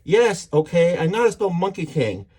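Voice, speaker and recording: A man's voice: fairly low pitch, flat delivery, normal speed, mellow. A man voicing a frightened, protective young woman from a comic book, in a raised, strained voice. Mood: scared.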